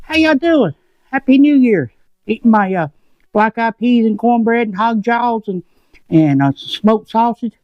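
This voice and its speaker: A man's voice: extremely high pitch, expressive, a little slow, no room sound, dull audio. Man rambling with his mouth full. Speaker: motovlog channel host. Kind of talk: casual chat while eating. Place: home shed.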